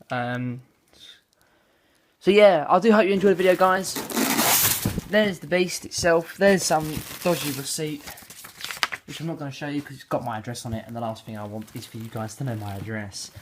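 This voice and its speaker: A man's voice: on the high side, normal speed. A young man from England, chatting casually and rambling through an unboxing, full of fillers and self-deprecating asides. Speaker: unboxing vlogger. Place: home bedroom. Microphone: handheld camera mic. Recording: noisy home camera audio. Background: crinkling packaging and clicks.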